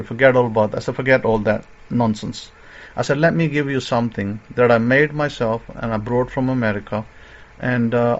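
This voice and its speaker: A man's voice: mid-range voice, lo-fi sound. A man telling a story in a sermon, with a rambling way of talking, many fillers and restarts, as a religious teacher.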